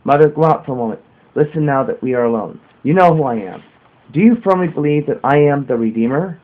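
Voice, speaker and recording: A man reading the part of a sorrowful male spiritual master who speaks slowly and consolingly. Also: fairly high pitch, natural voice. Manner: slow, solemn, consoling. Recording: dull lo-fi home recording.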